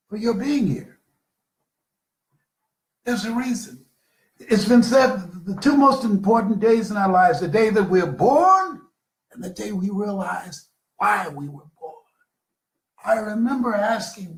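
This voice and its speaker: An older man giving a live motivational talk, telling personal stories with dramatic pauses. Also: high-pitched, expressive, echoey room. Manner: storytelling, slow with dramatic pauses. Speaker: motivational speaker.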